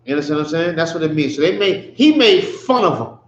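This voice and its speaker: A man's voice: a little high, very animated, quick pace, a little hiss or hum. A man leading a Bible study, explaining verses in a sarcastic, mocking way and asking rhetorical questions. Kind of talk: street-style Bible teaching. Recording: echoey room, dull lo-fi sound.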